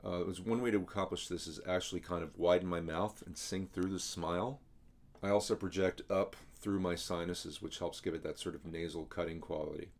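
A baritone man teaching singers how to imitate a rock vocalist, talking in a casual, throaty way that swallows his words.

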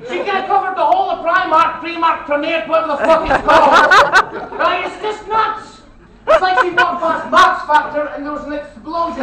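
Sweary Scottish comic in an echoey club. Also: male voice, very high voice, a little fast. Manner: loud, sweary, rambling, laughing. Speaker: stand-up comedian and compere. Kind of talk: stand-up comedy set. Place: comedy club stage, live audience. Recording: echoey live club recording from far off, loud crowd and noise. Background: audience laughter.

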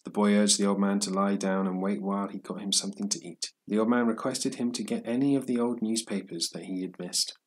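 A man reading a story aloud in a steady, measured narration for English learners. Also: on the low side.

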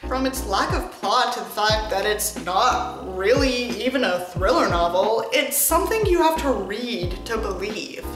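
A woman's voice: fairly high pitch, lively intonation, a little slow, hardly any pauses. A woman host giving exasperated, sarcastic, swear-filled commentary on a bad book. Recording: roomy echo with music behind. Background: background music.

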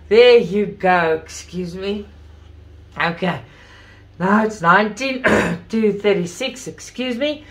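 A woman host chatting to viewers in an unboxing video, gushing with praise, still recovering from an illness with coughs and throat-clearing. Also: mid-range voice, slow pace. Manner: gushing, effusive about everything. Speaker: craft channel host. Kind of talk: casual unboxing chat to viewers.

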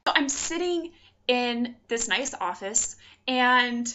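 Young woman, bright tense voice, slightly high, chatty storytelling, dull lo-fi recording. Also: animated, a little hiss or hum. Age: young adult. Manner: chatty, quick, full of likes and quoted voices. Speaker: vlogger telling her story. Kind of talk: casual storytelling. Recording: dull lo-fi sound.

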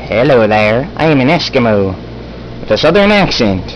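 A man's voice: mid-range voice, sing-song, normal speed, highs cut off, slight background noise, lightly acted. A man voicing a strange, lonely male Eskimo with a put-on southern drawl, clingy and secretive, in a home-made comedy film. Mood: wistful.

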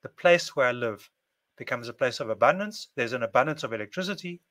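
A man's voice: medium pitch, expressive, quick pace, fairly bright tone. A man giving a casual monologue to camera, speaking in repetitive, list-like phrases. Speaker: video presenter.

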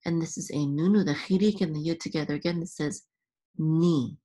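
A woman with a low-pitched, mellow voice gives a patient Hebrew reading lesson. She sounds out syllables slowly and chants the accent marks.

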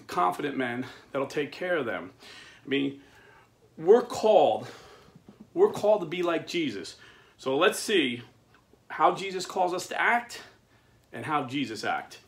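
A plain-spoken man in his fifties with a voice pitched a bit above the usual for men. He preaches in a relaxed, conversational way, with the everyday phrasing of a working man. He tells his stories with lively energy and chuckles along the way. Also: gravelly. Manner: animated storyteller, chuckles while telling stories. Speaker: Catholic men's video host. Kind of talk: casual preaching monologue.

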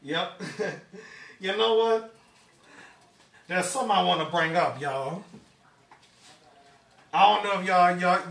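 A man's voice: high-pitched, bright, forceful tone. A man hosting a home cooking live stream, rambling casually and stumbling over repeated words. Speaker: cooking show host. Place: home kitchen. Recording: echoey kitchen, far from the mic.

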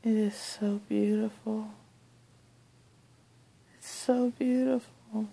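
Middle-aged woman, husky half-whisper, slow and tender cooing, bedroom at night. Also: mid-range voice, level tone, mellow. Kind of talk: soft-spoken recorded monologue.

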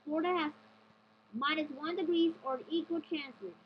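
A woman's voice: high voice, moderate pace, slight background noise. A woman giving an amateur weather report off a map, hesitant and stumbling over place names. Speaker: weather presenter. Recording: dull lo-fi recording.

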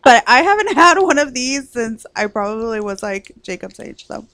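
A woman's voice: fairly high pitch, big pitch swings, moderate pace, fairly bright tone, dry recording. A woman chatting casually on a radio talk show, giggly and talkative. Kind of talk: casual chat.

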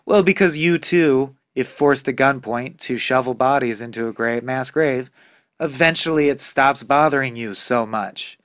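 A man's voice: medium pitch, normal speed, fairly bright tone, no echo. A man co-hosting a comedy book podcast, chatting casually with dry, offhand asides. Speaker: podcast co-host.

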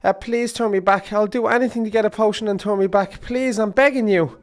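Excitable, stammering male role-player. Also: high-pitched, a little fast. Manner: excitable, pleading, with stammered restarts. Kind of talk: improvised game role-play.

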